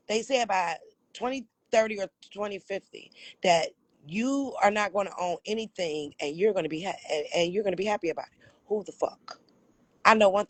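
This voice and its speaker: A woman's voice: medium pitch, no room sound, low-quality recording. A woman co-hosting a casual livestream, talking emphatically with lots of profanity and frequent laughter. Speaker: livestream co-host.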